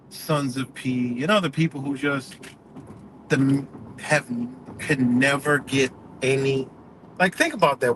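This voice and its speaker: A man live streaming while driving, telling a story in a rambling, profane way and laughing often. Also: mid-range voice. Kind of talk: casual storytelling. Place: in a moving vehicle on a highway. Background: faint road and vehicle noise.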